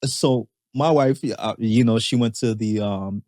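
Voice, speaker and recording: A man's voice: mid-range voice, a little slow, a little mellow, dry recording, clean studio sound. A man co-hosting a podcast in casual chat, talking in hesitant restarts and laughing often. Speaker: podcast co-host.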